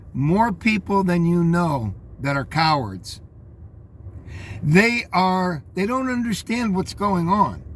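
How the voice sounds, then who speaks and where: A man's voice: high-pitched, fairly bright tone. An older man reading out news headlines and commenting on them in a rambling, scornful way, talking straight to his listeners.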